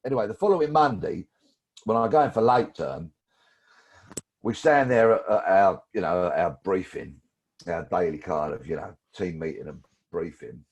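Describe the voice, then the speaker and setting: Guest in his 60s, very low husky voice, lively storyteller. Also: normal speed. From London. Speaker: guest, former police detective. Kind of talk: storytelling interview.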